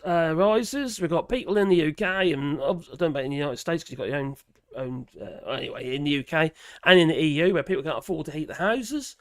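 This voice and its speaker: Here the man's pitch is fairly high, captured in clean studio sound with no room sound. He is English with a Norfolk accent, rambling bluntly and chattily on a casual live stream, restarting often and using slang, his slightly strained throat prone to mucus.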